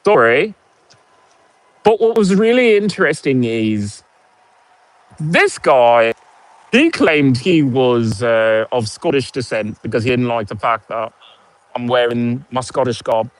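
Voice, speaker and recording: A man's voice: mid-range voice, expressive, slow pace, long pauses. A man in his forties with a posh British accent, telling a sarcastic story in a casual vlog monologue. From United States. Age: 40s. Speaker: vlogger.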